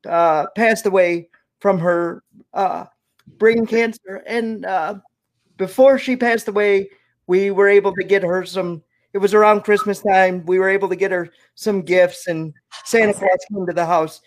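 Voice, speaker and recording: A man hosting an interview, who speaks haltingly, repeats his words and gets emotional at times. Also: sits high, fairly even intonation. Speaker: interview host. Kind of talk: casual interview chat.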